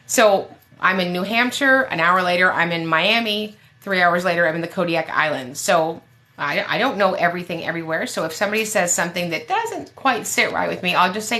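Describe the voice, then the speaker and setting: A woman's voice: lowish voice, expressive, brisk, sharp tone. A woman special education advocate giving blunt, emphatic advice with sassy asides on a live question-and-answer show.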